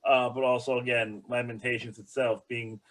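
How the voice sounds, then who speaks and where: A man's voice: mid-range voice, flat delivery, moderate pace, a bit bright. A male rabbi teaching a bible study class in a conversational, joking, explanatory way.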